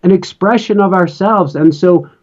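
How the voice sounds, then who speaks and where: A man's voice: sits high, normal speed. Man, podcast host, casual reflective chat, muffled lo-fi sound. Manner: reflective, rambling, with laughter. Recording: dull lo-fi sound.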